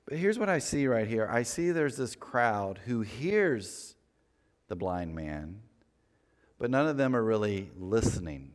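A man's voice: on the low side, darkish tone. Man preaching in a reverberant hall. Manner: conversational, self-deprecating preaching. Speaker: pastor. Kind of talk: sermon.

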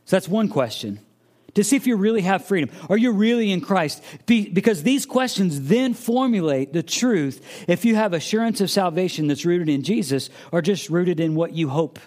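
A man delivers a sermon in a fairly high voice for a man. He presses his hearers with earnest, searching questions. He often slips into the imagined voices of listeners. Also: animated, moderate pace, a little mellow. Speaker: pastor.

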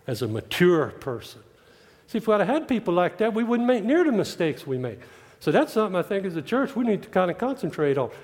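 Male preacher, high-pitched, folksy and joking, reverberant church hall. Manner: folksy, joking, plain-spoken with drawn-out emphatic lines. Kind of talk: sermon.

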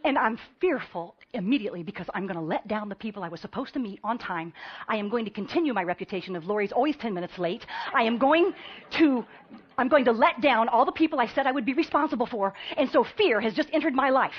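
A woman preaching a sermon, telling stories with lively energy and acting out the voices of the people in them. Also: on the high side, quick pace, husky, highs cut off. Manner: animated storytelling, acting out voices of the crowd.

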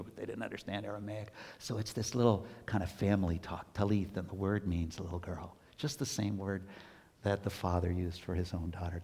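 A male pastor giving a conversational sermon that swings between hushed asides and emphatic bursts. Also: sits low, breathy edge, big-room sound.

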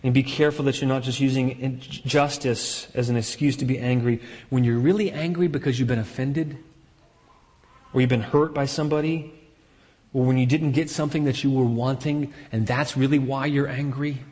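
A pastor preaching a sermon in an earnest way, repeating key phrases for emphasis. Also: male voice, medium pitch, fairly even intonation, normal speed, a little mellow, long reverb tail.

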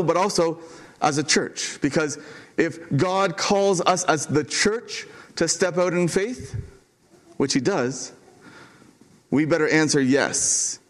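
A man preaching a sermon to his church as pastor, earnest and emphatic, repeating key lines with dramatic pauses. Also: a little high.

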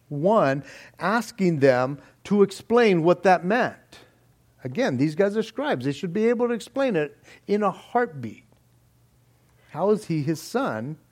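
A man's voice: high voice, a little mellow. A middle-aged man preaching an expository sermon, reading scripture aloud with earnest emphasis. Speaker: pastor.

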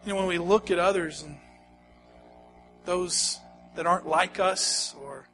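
High-voiced preacher with music behind. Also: male voice, a little slow, poor audio. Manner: dramatic shifts from soft to loud, repeating phrases for emphasis. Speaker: pastor. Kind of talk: sermon.

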